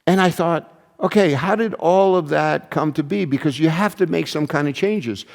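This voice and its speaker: A man's voice: fairly high pitch, moderate pace, creaky. A male pastor preaches with a slightly raised voice in a conversational way, stumbling into restarts and asides as he goes. His words ring out with a long reverb through a church hall. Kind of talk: sermon.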